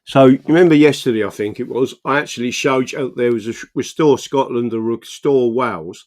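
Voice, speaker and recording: A middle-aged man hosting a casual political livestream, rambling between animated bursts and muttering while he works his screen and reads viewer comments. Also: mid-range voice, a little fast, few pauses.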